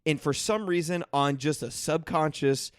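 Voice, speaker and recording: A man's voice: a little high, normal speed, dry recording, studio quality. A young man co-hosting a casual podcast, ranting with exasperation and stumbling over his words. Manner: ranting, exasperated, fumbling restarts. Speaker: podcast co-host. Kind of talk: casual chat.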